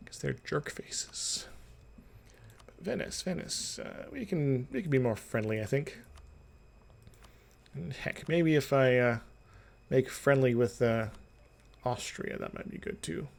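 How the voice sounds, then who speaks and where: Male streamer, gravelly and unhurried, rambling jokey game commentary. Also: mid-range voice, expressive, darkish tone. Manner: rambling, muttering thoughts aloud; jokey and self-amused. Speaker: live-streaming gamer. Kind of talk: casual strategy-game commentary.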